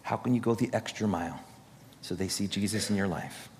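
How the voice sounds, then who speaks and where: A man's voice: fairly low pitch, a little fast, a little mellow, slight background noise. A man pastor preaching an earnest, encouraging sermon straight to his congregation. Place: church sanctuary. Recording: husky voice in a long-reverb hall.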